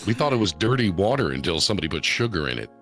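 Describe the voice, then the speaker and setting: Gravelly, fast-talking American man joking around. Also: low voice, very animated, a bit bright, soft background music. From United States. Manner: joking, profane, playful improvising. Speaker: podcast co-host. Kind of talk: casual live podcast chat.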